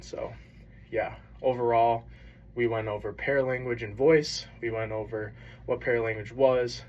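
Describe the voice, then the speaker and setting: A man's voice: fairly low pitch, highs cut off, slight background noise. Earnest young man giving a class presentation. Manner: earnest, with frequent fillers and restarts. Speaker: business student presenting.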